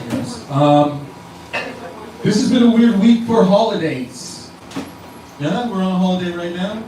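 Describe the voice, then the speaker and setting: Rambling stand-up comic in an echoey club. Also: male voice, a little high, background noise. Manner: rambling and self-interrupting, profane. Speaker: stand-up comedian. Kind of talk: stand-up comedy set. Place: comedy club. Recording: echoey club room from a distant mic. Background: crowd ambience.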